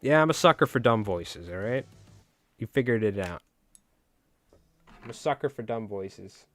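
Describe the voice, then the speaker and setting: A man's voice: lowish voice, expressive, moderate pace, a bit bright, faint music behind. A man hosting a casual fly-tying livestream, rambling and joking with some swearing.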